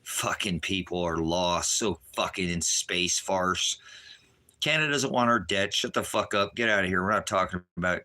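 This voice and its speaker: A man's voice: low-pitched, moderate pace, sharp tone. A middle-aged man ranting angrily about politics, profane, combative and sarcastic. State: irritated, worked up. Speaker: ministry livestream host. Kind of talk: angry political rant.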